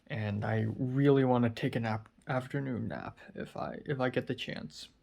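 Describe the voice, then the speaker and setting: A man's voice: mid-range voice, fairly even intonation, creaky, a little mellow. A sleepy man from Hong Kong, rambling through a casual video diary with lots of fillers. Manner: rambling, halting, many fillers. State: tired and sleepy. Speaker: vlogger.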